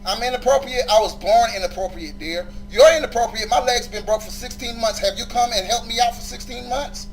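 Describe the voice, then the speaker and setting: A vlogger with an injured leg rants aggressively and passionately in a profane video, arguing with his viewers and with a woman on the phone. His voice is very high-pitched and brisk with few pauses, over soft background music in a low-quality recording.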